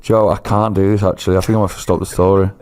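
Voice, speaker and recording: A man co-hosting a casual podcast, telling a story with animated embarrassment. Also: sits low, rapid-fire, clear, resonant tone. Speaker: podcast co-host.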